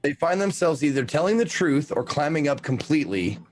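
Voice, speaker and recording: A man's voice: a little high, lively intonation, a little fast. Man player explaining a spell. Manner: explanatory, reads rules aloud. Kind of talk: explaining a spell in a tabletop game.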